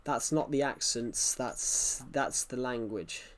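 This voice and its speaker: A man's voice: mid-range voice, slow. Chatty British man streaming a game. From United Kingdom. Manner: chatty, answers viewers' questions as they come. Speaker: gaming streamer. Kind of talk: casual livestream chat while playing.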